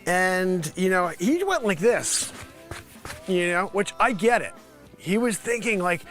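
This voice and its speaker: A man delivering a rambling, deadpan mock news report as a comedy vlogger, full of fillers. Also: sits high, unhurried, soft background music.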